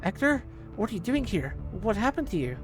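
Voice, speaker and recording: A man's voice: high voice, big pitch swings, brisk, faint music behind, pitched above the performer's own voice. A man voicing an earnest, stubborn young fairy woman who talks in a pleading way. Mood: surprised.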